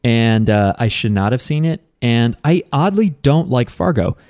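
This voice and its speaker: A podcast co-host with a mid-range, expressive, slightly mellow voice chats casually at an unhurried pace. His stories ramble, packed with "like" and false starts, and the recording is dry and studio-clean.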